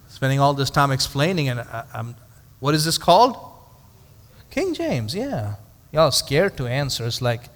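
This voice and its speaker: A man's voice: on the high side, a bit bright, big-room sound. A male pastor teaching a Bible study to a live audience in a conversational way, asking rhetorical questions and adding dry humorous asides.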